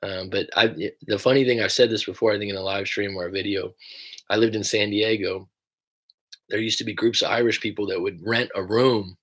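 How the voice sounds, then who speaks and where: He's a young breakup coach from the US, rambling through a casual livestream chat and swearing from time to time. The voice is lowish and fairly bright, with fairly even intonation and a fairly quick pace.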